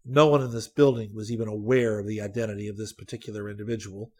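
A man narrating a spy novel aloud in a measured, even reading voice. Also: fairly low pitch. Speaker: audiobook narrator. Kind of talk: scripted narration.

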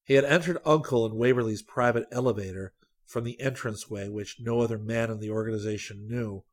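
A man narrating a spy novel aloud in a measured, even reading voice. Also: lowish voice. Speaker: audiobook narrator. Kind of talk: scripted narration.

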